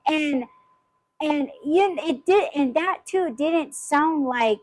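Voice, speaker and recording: A woman's voice: high-pitched, lively intonation, slow, no echo, rough recording. A woman hosting a podcast, telling a story in casual chat, swearing freely and rambling with lots of fillers. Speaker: podcast host.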